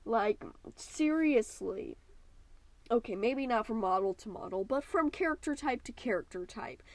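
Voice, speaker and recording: A woman's voice: fairly high pitch, expressive, unhurried, no room sound. A woman hosting her art channel, giving a casual, enthusiastic voice-over that rambles with many ums and slips into a playful put-on accent. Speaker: YouTube art channel host.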